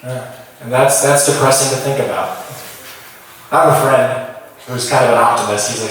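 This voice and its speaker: A young man performing a stand-up comedy set, riffing with the crowd in an animated way. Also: medium pitch, normal speed, pauses often, noisy background. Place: comedy venue with a live audience. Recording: echoey room, mic heard from a distance.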